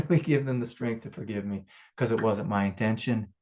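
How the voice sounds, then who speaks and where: A man, a spiritual teacher giving a satsang talk, often laughing, swinging from impassioned outbursts to hushed prayer. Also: medium pitch, steady tone, normal speed.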